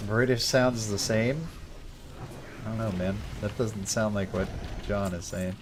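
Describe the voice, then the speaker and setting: A man's voice: lowish voice, steady tone, measured pace, noisy background. A young man streaming a game, chatting casually in a laid-back, rambling way full of slang. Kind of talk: casual gameplay chat.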